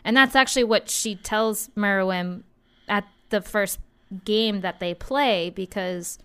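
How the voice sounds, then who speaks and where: Woman on a podcast chatting, smooth clear voice, says like a lot. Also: medium pitch, slow pace, a bit bright. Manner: chatty, heavy on "like" fillers. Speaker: podcast co-host. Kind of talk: casual chat.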